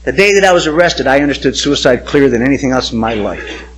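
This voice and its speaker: A man's voice: mid-range voice, lively intonation, quick pace, slight background noise, rough recording. A middle-aged pastor, a man, telling his personal testimony in an emphatic, impassioned sermon style.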